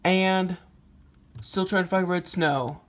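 A man giving casual commentary while demoing phone hacks, rambling and profane, quick to blow up into shouting. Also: high voice, steady tone. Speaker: iPhone jailbreak tinkerer. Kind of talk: casual screen demo commentary.

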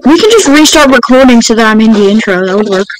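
A man's voice: very high-pitched, lively intonation, quick pace, noisy background. A male podcast co-host chatting casually, joking around and rambling. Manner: goofy, joking, rambling with lots of "bro" and "like". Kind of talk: casual chat.

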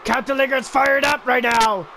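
A man giving excited play-by-play commentary on a wrestling video game match, often shouting and exclaiming. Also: very high voice, moderate pace, vocal fry. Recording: noticeable background noise.

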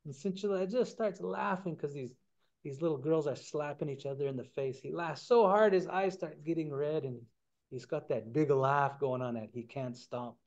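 A man retelling a traditional story during a lecture, relaxed and conversational, acting out the characters. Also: on the high side, normal speed, lo-fi sound. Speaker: guest speaker.

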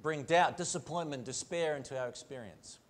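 Earnest man preaching, slightly high voice. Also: normal speed. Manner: earnest preaching with repeated phrases and rhetorical questions. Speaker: pastor. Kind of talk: sermon. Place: church sanctuary.

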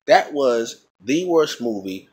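Husky man ranting about a movie. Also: medium pitch, animated, moderate pace. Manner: rambling, with many restarts and repetitions; emphatic and indignant. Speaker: vlogger reviewing a movie. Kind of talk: casual movie rant to camera.

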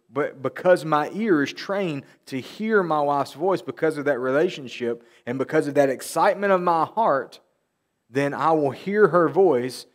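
Male pastor preaching, emphatic and repetitive, voice sitting a little high, slow on scripture quotes. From Tennessee. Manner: emphatic preaching, repeats key phrases, quotes scripture slowly. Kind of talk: sermon. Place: church sanctuary.

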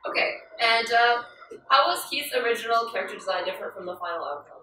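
A woman's voice: a little high, lively intonation, quick pace, bright, forceful tone. A woman panelist breezily running trivia questions for a convention audience. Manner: breezy, quizzing the crowd. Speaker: cosplay panelist asking trivia. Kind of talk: casual convention panel chat. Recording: echoey hall, far from mic.

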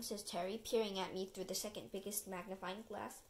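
A woman reading a children's chapter book aloud as the storyteller, with expressive narration. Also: medium pitch, a little fast, few pauses.

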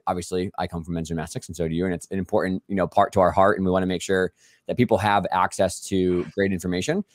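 Fast-talking low-voiced American host. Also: male voice, steady tone, dry recording, clean studio sound. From United States. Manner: chatty, upbeat, laughs often, many fillers. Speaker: podcast host. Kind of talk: casual podcast interview.

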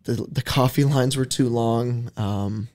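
A man who produces a podcast, interviewing its host in a studio, talking in a laid-back, rambling way that often trails off quietly. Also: medium pitch, fairly even intonation, slow. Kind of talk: casual interview chat.

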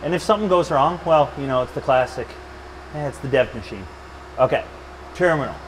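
A man's voice: mid-range voice, animated, brisk, a little hiss or hum, poor audio. Chatty man demoing in a server lab. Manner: joking, chatty, rambling asides. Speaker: storage engineer presenting a build. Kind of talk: casual hands-on tech demo.

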